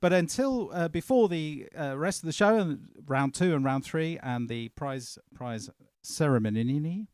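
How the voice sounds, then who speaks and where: A man runs a quiz on a casual livestream. He rambles and laughs, and his pitch rises and falls a lot. The sound is close and dry. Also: animated, measured pace, hardly any pauses, a little mellow, no room sound. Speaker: co-host and quiz master.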